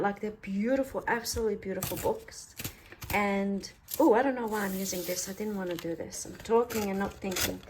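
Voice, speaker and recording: Australian woman, craft vlogger, chatty and self-mocking, light hiss in the room. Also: mid-range voice. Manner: rambling and self-deprecating, talks while working.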